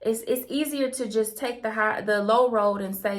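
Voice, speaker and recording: A woman with a Southern American accent, from the Deep South, telling a personal faith story in a conversational, earnest way. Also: moderate pace. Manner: conversational and earnest, with colloquial turns of phrase. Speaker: channel host.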